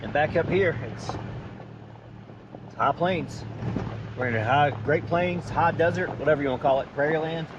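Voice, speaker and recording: A man's voice: a little high, normal speed, pauses often, muffled recording. A man, chatting casually and folksily as he narrates an off-road drive from inside his Jeep. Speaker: off-road vlogger. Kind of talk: casual narration while driving. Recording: engine and road noise behind.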